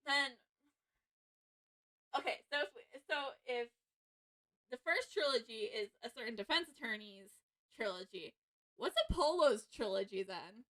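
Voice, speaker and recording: A chatty, excitable woman streaming a video game live. Her high voice is bright and swoops up and down her range as she reacts to the game. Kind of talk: live game let's play commentary.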